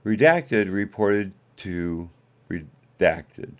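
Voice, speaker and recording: A man's voice: deep voice, lively intonation, extremely slow. A man hosting a live stream, reading documents aloud and breaking off for wry asides and corrections to his chat.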